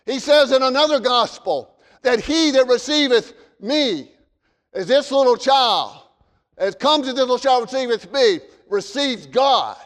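A man's voice: very high-pitched, a bit bright. A male pastor preaching a sermon to his congregation, with emphatic delivery that swells and drops in volume. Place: church sanctuary. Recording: long hall reverb.

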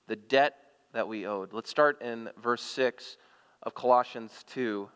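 A man's voice: mid-range voice, slow pace, fairly bright tone, smooth. A man preaching a sermon as a pastor. He reads scripture aloud with rising emphasis and puts questions to the congregation. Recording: long reverb of a church hall.

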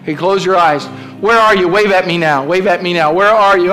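A man's voice: high-pitched, moderate pace, fairly bright tone, soft background music. A male pastor preaching a fervent sermon, with repeated calls to the congregation.

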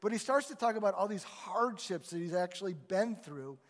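High-voiced man preaching in a reverberant hall. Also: expressive, normal speed. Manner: conversational, emphatic preaching. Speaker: pastor. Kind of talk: sermon. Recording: long reverb of a large hall.

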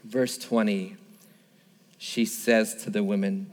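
A man's voice: mid-range voice, animated, measured pace. Man preaching in a reverberant hall. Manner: emphatic, repetitive, asks the listeners rhetorical questions. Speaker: pastor. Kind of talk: sermon.

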